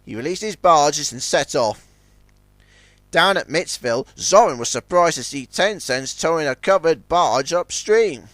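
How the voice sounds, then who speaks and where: A man narrating a children's storybook with a lively, expressive delivery. His voice is fairly high and swings widely in pitch. The recording is dry and close. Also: a little slow, no room sound.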